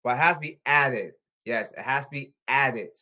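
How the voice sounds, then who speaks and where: A man rambling to his audience, reading rules off his phone and repeating himself insistently, with halting restarts. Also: medium pitch, pushed and bright, dull audio. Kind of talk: rambling monologue to camera.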